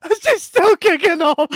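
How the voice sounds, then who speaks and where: A man's voice: very high-pitched, a bit bright, no room sound, clean studio sound. A man who laughs constantly while chatting about a film. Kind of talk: casual reaction chat.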